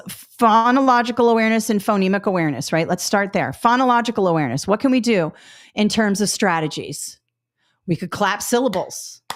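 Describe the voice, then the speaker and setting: With a fairly high pitch, a woman runs a live webinar as a test prep instructor. Her delivery is upbeat as she models speech sounds through drilled repetition and checks in with listeners often.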